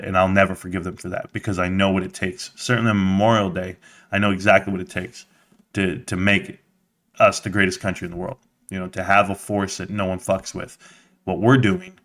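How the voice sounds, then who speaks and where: A man's voice: deep voice, a bit bright. A middle-aged man from the United States hosting a live stream, talking straight to his chat in a rambling, casual rant with frequent restarts.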